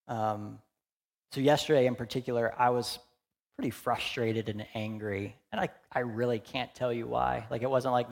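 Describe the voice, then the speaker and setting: A man in his forties, a pastor preaching a candid, conversational sermon that swings between loud emphasis and hushed, quiet moments. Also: mid-range voice, fairly even intonation, normal speed, vocal fry. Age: 40s.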